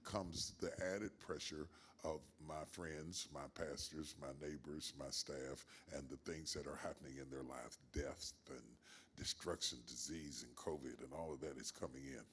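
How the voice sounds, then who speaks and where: An older man with a grandfather's years, a pastor answering interview questions in a measured, emphatic preaching cadence with repeated phrases. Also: very deep voice, steady tone, a bit bright, a little hiss or hum. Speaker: guest pastor.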